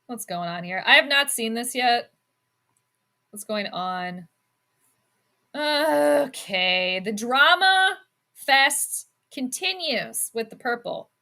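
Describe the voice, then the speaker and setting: A woman's voice: a little high, sing-song, takes it slowly, sharp tone. A woman hosting a casual livestream, chatting and giggling as she reacts to viewer comments, with many fillers. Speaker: livestream host. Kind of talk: casual livestream chat on sports and astrology.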